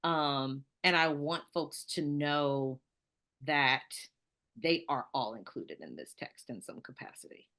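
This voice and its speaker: Southern American woman, low-pitched, lively storyteller, interview guest. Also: takes it slowly. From Southern United States. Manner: animated, laughing, storytelling. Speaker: author being interviewed. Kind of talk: conversational interview.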